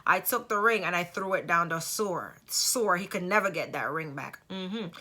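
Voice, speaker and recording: A woman talks straight to her viewers in a casual storytelling monologue. Her voice is bright and forward. She speaks emphatically and keeps turning to the listener with rhetorical asides. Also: on the low side, moderate pace. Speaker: vlogger.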